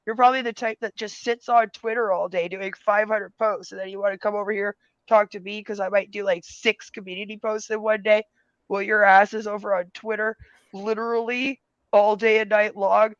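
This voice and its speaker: A woman's voice: mid-range voice, flat delivery, fairly quick, clear, resonant tone, dry recording. A woman ranting angrily in a commentary stream, swearing heavily and mocking her critics in sing-song impressions. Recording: dull lo-fi dry sound.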